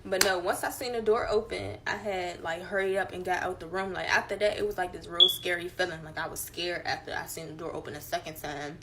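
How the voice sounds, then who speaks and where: A woman's voice: lowish voice, steady tone, a little fast, hardly any pauses, very noisy. A woman chatting loosely to her phone camera as she tells a scary story, talking straight to her viewers.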